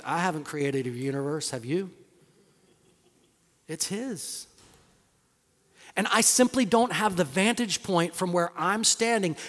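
A middle-aged male pastor preaching a sermon in a conversational style, firing rhetorical questions and moving between emphatic points and hushed asides. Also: sits high. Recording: long reverb of a large hall.

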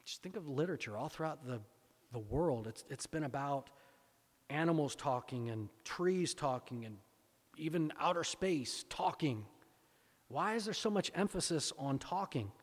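A man's voice: fairly high pitch, expressive, moderate pace, big-room sound. A male pastor giving a sermon, asking rhetorical questions and repeating phrases for emphasis.

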